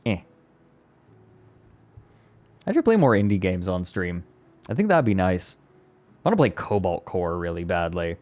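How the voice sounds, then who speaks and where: A man streamer in casual live chat, excitable and prone to repeating words in quick bursts. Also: low-pitched.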